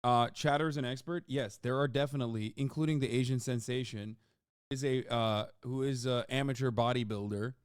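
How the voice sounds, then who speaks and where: A man streaming a video reaction, joking loudly with profanity as he talks to his chat. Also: mid-range voice, fairly even intonation, a little fast, smooth, dry recording, clean studio sound. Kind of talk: casual livestream reaction talk.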